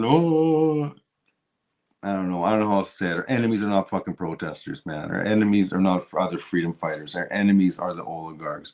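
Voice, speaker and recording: With a low, creaky voice, a man running a stream rages about politics, cursing freely and frequently backing up to restart or repeat.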